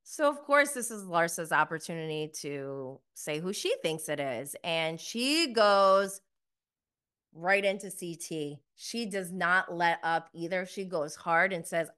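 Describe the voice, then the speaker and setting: A woman's voice: lowish voice, sing-song, measured pace, bright, forceful tone, clean tone. A woman giving a casual recap review of a TV episode, gushing, giggly and exasperated by turns. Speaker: TV show reviewer.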